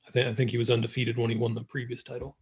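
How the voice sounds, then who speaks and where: Brief: male guest around 40, husky voice, thoughtful and self-deprecating. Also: medium pitch, flat delivery, very fast. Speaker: podcast guest. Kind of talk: casual chat.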